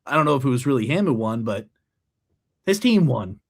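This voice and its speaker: A man's voice: mid-range voice, sing-song, fairly quick, vocal fry. A man co-hosting a sports podcast, agreeable and careful to hedge in casual chat. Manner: agreeable, hedging. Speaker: podcast co-host.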